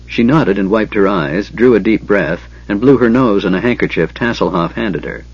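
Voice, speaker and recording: A man narrating a fantasy novel in a measured storytelling manner. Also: low-pitched, husky, dry recording, lo-fi sound. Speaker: audiobook narrator.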